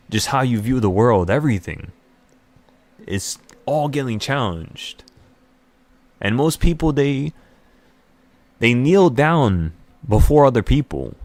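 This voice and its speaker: Hyped up and rambling, this man running a trading channel pours out a motivational speech full of repetition. His pitch is medium, and the recording is dry.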